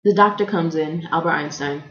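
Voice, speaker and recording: Animated young woman telling a story, echoey room. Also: low voice, normal speed. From United States. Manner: animated, acts out other people's lines in voices. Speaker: vlogger. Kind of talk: comedic personal storytelling. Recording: echoey room, dull lo-fi sound.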